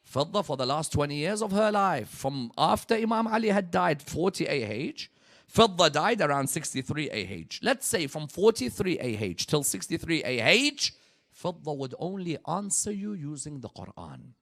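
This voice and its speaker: A man preaching a sermon, telling the story dramatically and swinging from hushed passages to loud, rising peaks. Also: on the high side, sing-song, moderate pace, creaky. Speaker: preacher at a religious gathering.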